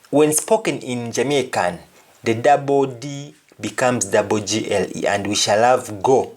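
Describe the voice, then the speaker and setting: A man giving a pronunciation lesson, saying each example word slowly and deliberately, often twice. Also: medium pitch. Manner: slow, deliberate, repeats each word in pairs. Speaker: language teacher.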